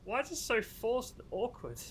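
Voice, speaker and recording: A man streaming a video game who gives casual commentary, animated, exasperated and joking. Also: extremely high pitch, moderate pace, breathy edge.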